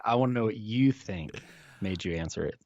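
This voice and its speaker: A man interviewing his guest in casual conversation, enthusiastic and quick to agree. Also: lowish voice, expressive, darkish tone, no room sound. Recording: dull lo-fi sound.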